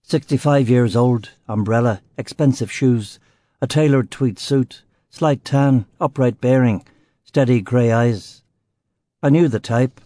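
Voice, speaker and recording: Man, audiobook narrator, crime fiction, terse wry delivery, mellow tone, dry close sound. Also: medium pitch, a little slow, no room sound. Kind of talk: first-person crime novel narration.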